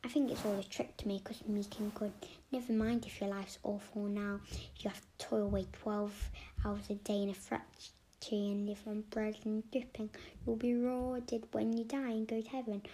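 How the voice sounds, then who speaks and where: A woman voicing a bold, clever young schoolgirl in a whispered role-play, close to her own hushed voice. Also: mid-range voice, little pitch movement, moderate pace, close to an everyday voice. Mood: earnest. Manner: hushed, matter-of-fact whisper.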